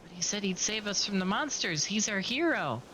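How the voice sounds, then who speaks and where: Brief: a man playing a worried little village girl, pitched up, game dialogue. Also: expressive, normal speed, bright, forceful tone, slight background noise, low-quality recording. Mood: pleading. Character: scared young village girl, earnest. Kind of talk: reading game dialogue aloud.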